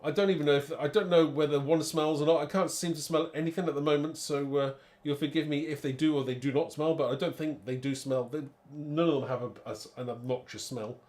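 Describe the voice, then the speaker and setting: A man's voice: on the high side, fairly even intonation, fast, hardly any pauses, darkish tone. A man hosting a live card-making demo, chatty and rambling, thinking aloud and laughing at his own muddles.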